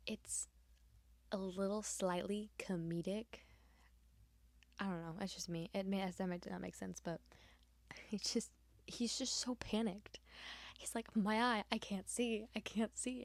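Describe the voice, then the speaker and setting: A woman's voice: lowish voice, dry recording. Chatty woman rambling, often half-whispering. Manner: rambling, filler-heavy, often drops to a soft whisper. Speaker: art channel host. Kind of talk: casual chat over a speedpaint.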